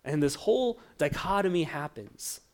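Guy preaching, slightly high voice, acts out the quotes, stumbles and restarts a lot. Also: moderate pace. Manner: animated storytelling, acts out quoted lines, stammers restarts. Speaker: pastor. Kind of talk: sermon.

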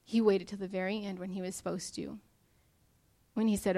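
A woman's voice: medium pitch, steady tone, moderate pace, dark tone. A young woman preaching a sermon to her church, earnest and emotional as she speaks to the congregation.

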